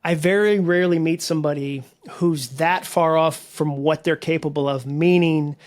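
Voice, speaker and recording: A man with a slightly higher-than-average voice talks as a podcast guest. He tells stories animatedly, full of quick asides and self-deprecating jokes. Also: fairly even intonation. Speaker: guest speaker and author. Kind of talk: conversational podcast interview.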